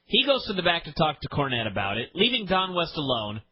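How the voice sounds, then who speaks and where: A man's voice: on the high side, big pitch swings, highs cut off, slight background noise. A man hosting a podcast, ranting in an exasperated, profane way about a show he hates. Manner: exasperated, profane, fast-shifting rant. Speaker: podcast host. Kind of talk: ranting wrestling podcast chat.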